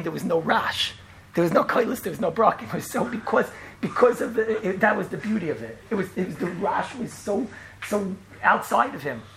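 Fast-talking man a gravelly voice. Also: sits high, slight background noise, poor audio. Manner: animated, repeats himself, frequent "right?" and restarts. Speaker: storyteller recalling a rabbi. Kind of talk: casual storytelling chat.

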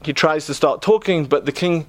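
A man's voice: fairly high pitch, moderate pace. A man preaching, telling a story earnestly and posing rhetorical questions to his listeners. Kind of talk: sermon storytelling.

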